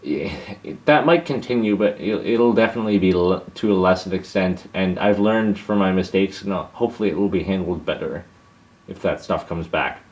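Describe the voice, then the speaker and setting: A man's voice: sits low, normal speed, darkish tone. A young man answering viewer questions in a casual, hesitant monologue, with many fillers and restarts.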